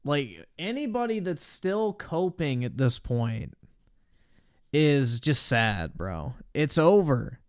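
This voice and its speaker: A man's voice: medium pitch, sing-song, slow pace, no room sound, studio quality. A young man streaming, talking over clips in a crude, mocking way with lots of swearing. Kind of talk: casual commentary.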